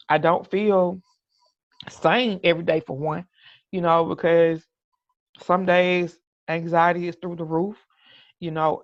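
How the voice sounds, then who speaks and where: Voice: mid-range voice, gravelly, no echo. A middle-aged podcast host in a candid personal monologue, talking earnestly, often restarting and saying "you know what I'm saying". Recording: dull, dry lo-fi recording.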